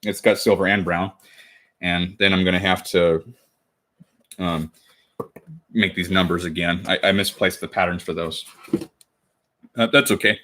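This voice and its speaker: A man's voice: low voice, steady tone, unhurried, pauses often, bright, forceful tone. A man in his twenties talking casually on a livestream while crafting, rambling and correcting himself as he chats with viewers. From United States. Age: 20s. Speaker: cosplay livestreamer.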